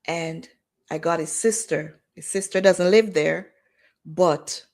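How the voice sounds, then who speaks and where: A woman's voice: fairly low pitch, takes it slowly. A woman in her forties with a lilt tells her own story on a livestream. She speaks openly and with feeling, and she brings the people in her story to life through their quoted words. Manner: candid, emotional, animated retelling with quoted dialogue. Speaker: livestream host.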